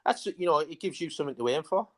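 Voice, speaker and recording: Bloke, middle-aged, talks really fast, rambling footy stories. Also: male voice, fairly high pitch, expressive, a crowd in the background. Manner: rambling, fast, many fillers. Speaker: interview guest, former footballer. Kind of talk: casual storytelling.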